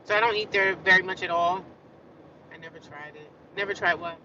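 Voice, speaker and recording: Woman, livestream chat, rambling and repetitive, bright edgy voice, distant slightly dull phone audio. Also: fairly low pitch, steady tone, brisk, a little hiss or hum. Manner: rambling, repeats herself, chatty with viewers.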